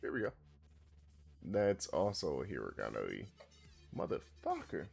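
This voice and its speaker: A man streaming a casual language lesson, who swears in loud outbursts and reads chat aloud. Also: rumbling low, sing-song, moderate pace, gravelly, slightly rough, faint music behind. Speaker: streamer teaching Japanese.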